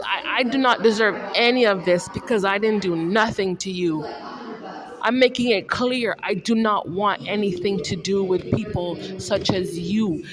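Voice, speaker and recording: A woman delivering an indignant, repetitive, confrontational monologue as a vlogger. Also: mid-range voice. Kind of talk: rambling monologue to camera.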